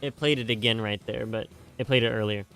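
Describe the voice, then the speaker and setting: A man's voice: lowish voice, steady tone, brisk, gravelly, fairly bright tone, soft background music. A young man chatting casually on a live stream, rambling and joking at himself with lots of fillers and restarts. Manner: rambling, jokey, self-mocking, many fillers and restarts. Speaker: streamer reacting to game music.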